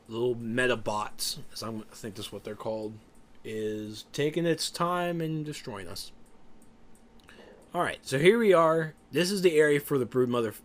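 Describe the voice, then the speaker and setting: A man's voice: medium pitch, fairly bright tone. A tired, yawning man giving casual, rambling commentary over a game raid walkthrough, joking and trailing off as he tries to recall names. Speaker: gameplay guide commentator.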